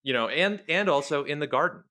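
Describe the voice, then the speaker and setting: A man's voice: a little high, expressive, a little fast, sharp tone. A man co-hosting a podcast in a casual, rambling way, full of hedges and fillers. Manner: rambling, hedging, heavy use of "like" and "you know". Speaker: podcast co-host. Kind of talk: casual chat.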